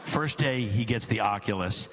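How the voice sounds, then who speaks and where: A middle-aged man doing stand-up comedy on stage, telling a long story with repeated phrases and mounting exasperation. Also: moderate pace. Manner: animated storyteller, repeats phrases for comic effect, climbs high when exasperated. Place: comedy stage before a live audience.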